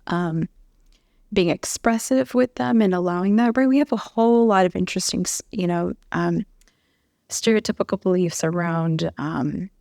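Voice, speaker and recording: On a podcast, a woman who is a psychologist guest explains ideas thoughtfully in casual conversation, thinking aloud with "um" and often checking in with "right?". Her voice is on the low side, gravelly and a little mellow, at normal speed, in a dry, studio-quality recording.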